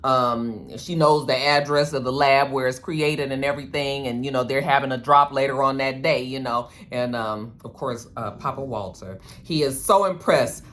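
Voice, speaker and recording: A chatty vlogger with a medium-pitched, mid-range, slightly bright voice and lively intonation recaps a TV episode. The talk is loose and slangy, with free cursing and quick side comments dropped in constantly.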